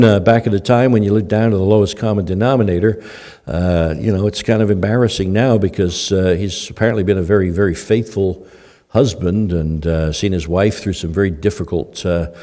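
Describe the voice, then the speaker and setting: A man's voice: low voice, dark tone. An older man preaching a sermon in a conversational way, with many fillers and restarts. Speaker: pastor. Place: church hall. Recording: long hall reverb.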